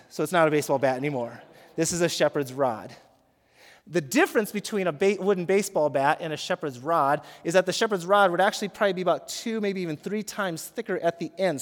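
A man with a fairly high voice preaches a sermon, his words ringing out with a long reverb. He often stumbles over and repeats the first words of a phrase. His delivery moves from hushed reflection to loud, urgent calls for the congregation to repeat after him. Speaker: pastor. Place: church sanctuary.

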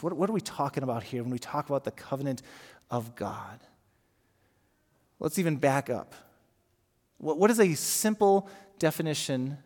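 A man preaching a conversational sermon as pastor, often repeating words and asking rhetorical questions. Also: mid-range voice. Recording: echoey hall with long reverb.

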